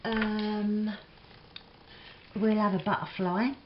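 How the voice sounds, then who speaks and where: A woman with a Cockney accent talks slowly and loosely while she works on a craft at her kitchen table, filling her sentences with "like". The sound is a little dull, with a faint hiss behind her. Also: mid-range voice, little pitch movement. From England. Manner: rambling and chatty, lots of "like" fillers, laughs often. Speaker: craft vlogger. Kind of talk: chatty crafting vlog, reminiscing while working.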